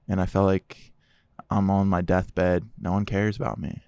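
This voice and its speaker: Podcast guest, male, low gravelly voice, animated testimony storytelling, dry close sound. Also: measured pace, dry recording. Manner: animated, acts out quoted dialogue.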